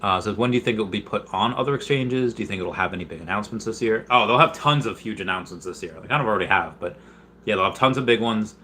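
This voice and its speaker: A man's voice: lowish voice, quick pace, pushed and bright, slight background noise. A young man hosting a casual livestream, rambling in an upbeat way as he reads viewer comments aloud. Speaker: livestream host reading chat.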